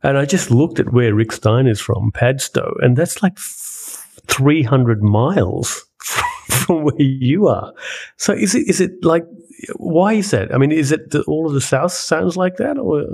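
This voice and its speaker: A man's voice: fairly high pitch, animated, unhurried, gravelly, darkish tone, husky. A man interviewing a guest, asking curious, hesitant questions. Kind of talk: conversational interview.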